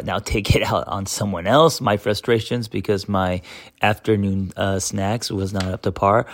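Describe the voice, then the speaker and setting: Rambling, candid man, low voice. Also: no room sound, clean studio sound. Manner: rambling, candid, many fillers. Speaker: podcast host, therapist. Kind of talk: casual self-help monologue.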